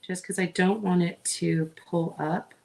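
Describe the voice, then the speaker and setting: A middle-aged woman talks her viewers through a craft project in a slow, unhurried way, often breaking off with small asides and fillers. Her voice sits fairly low for a woman and stays relaxed and conversational. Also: creaky. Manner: chatty, talks to viewers while working, frequent fillers. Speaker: craft video host. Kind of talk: casual crafting demonstration.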